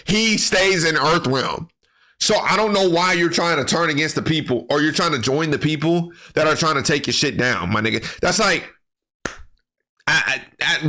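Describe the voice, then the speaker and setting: Man, casual game recap, bright voice, loose profane slang, rambling delivery. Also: medium pitch. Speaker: gaming commentary creator. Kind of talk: casual gaming commentary.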